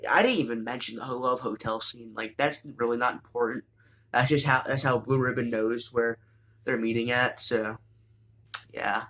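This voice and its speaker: A man casually recapping an anime, rambling with lots of fillers and restarts and bursts of excitement. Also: mid-range voice, moderate pace.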